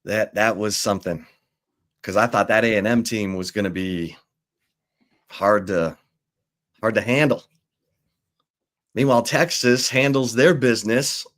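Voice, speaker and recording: A man's voice: fairly low pitch, unhurried, pauses often, a bit bright. A man co-hosting a live sports talk show, chatting in a dry, easygoing, teasing way. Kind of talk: casual sports chat.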